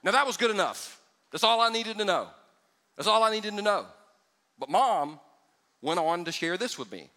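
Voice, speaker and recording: A man's voice: high-pitched, normal speed, pauses often, long reverb tail. A man preaching a sermon, telling stories with acted-out voices and joking asides. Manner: animated storytelling, acts out voices, joking asides. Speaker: pastor.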